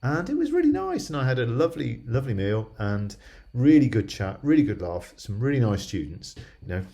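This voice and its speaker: A man's voice: medium pitch, very animated, a little fast, creaky, dark tone. Chatty older man with rambling tags. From southwest England. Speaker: video diarist. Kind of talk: casual video diary.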